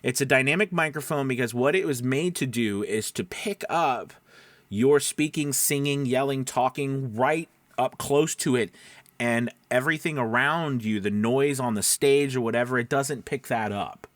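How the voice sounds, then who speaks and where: Guy teaching mic stuff, animated, rambly with lots of ums, close dry mic. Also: mid-range voice, moderate pace, no echo. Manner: animated, rambling with many fillers and restarts. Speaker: voice actor coach. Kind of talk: casual tutorial talk. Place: small home room, door open. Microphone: dynamic broadcast mic, close up.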